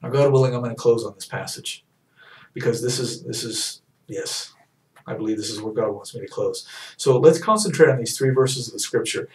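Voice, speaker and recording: A man preaching a fervent sermon, repeating words as he builds to emphatic peaks and then drops low. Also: brisk, roomy sound, far from the mic, rough recording.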